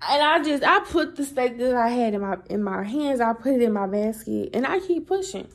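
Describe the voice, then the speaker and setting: A young adult woman hosting a podcast, telling a story in a chatty, animated, profane way. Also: on the high side, brisk. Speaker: podcast host. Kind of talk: casual storytelling monologue.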